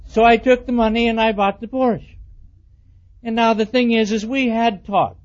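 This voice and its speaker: High-voiced preacher telling marriage stories. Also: male voice, moderate pace. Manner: animated storytelling, acts out quoted dialogue, chuckles at himself. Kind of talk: sermon with personal stories. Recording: dull lo-fi recording.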